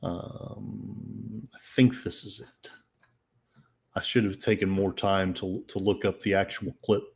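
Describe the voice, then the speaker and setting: A man's voice: fairly low pitch, flat delivery, takes it slowly, vocal fry. An older man hosting a podcast, reading headlines aloud and commenting with sarcasm and many fillers. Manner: sarcastic, rambling, with frequent fillers. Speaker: podcast host.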